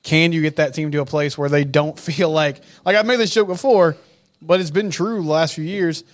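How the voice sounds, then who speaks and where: A man's voice: a little high, moderate pace. Easygoing male sports podcast co-host. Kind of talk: casual sports chat.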